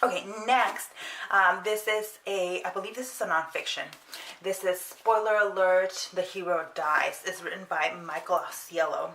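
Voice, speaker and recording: A woman's voice: lowish voice, steady tone, moderate pace, sharp tone. A young woman chatting casually as a book vlogger, with frequent ums and restarts. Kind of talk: casual chat. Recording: roomy sound with faint noise.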